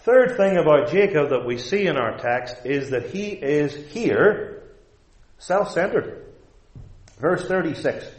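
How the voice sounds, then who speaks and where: A man's voice: mid-range voice, expressive, a little slow. A man preaching a sermon in a church, emphatic and fond of rhetorical questions. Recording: echoey room.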